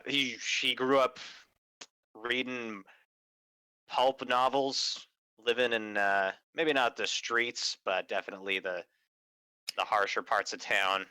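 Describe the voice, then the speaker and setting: Jokey bright-voiced man player. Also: unhurried, long pauses, clean tone, low-quality recording. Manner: jokey, laughing, lively swings in pitch. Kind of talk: casual tabletop role-play.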